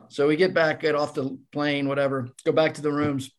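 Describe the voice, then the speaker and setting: A man's voice: on the high side, fairly quick. An older man, a former ballplayer, telling a casual story as a podcast guest and acting out the voices of the people in it. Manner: animated storyteller, acts out quoted voices.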